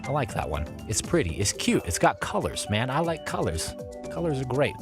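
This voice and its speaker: Playful, excitable man streaming a racing game. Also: mid-range voice, moderate pace, over music. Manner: playful, excitable, chatty with viewers. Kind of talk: live gameplay commentary.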